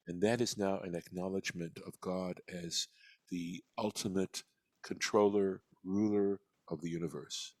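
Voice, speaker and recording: Deep-voiced man teaching a text class. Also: steady tone, unhurried, fairly bright tone, dry recording. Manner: reflective and patient, with frequent restarts. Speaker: teacher leading a weekly text study class. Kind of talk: explanatory teaching with discussion.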